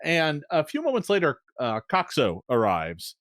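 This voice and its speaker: Lively, chuckling male game master. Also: a little high, normal speed, no echo, clean studio sound. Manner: chuckling, filler-heavy. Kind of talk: narrating a tabletop game.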